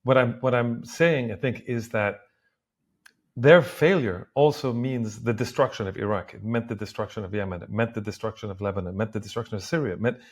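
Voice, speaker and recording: A man co-hosting a discussion podcast from a remote call, talking in a halting way with many restarts. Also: fairly low pitch. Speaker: podcast co-host. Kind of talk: casual discussion. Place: Beirut, at a university.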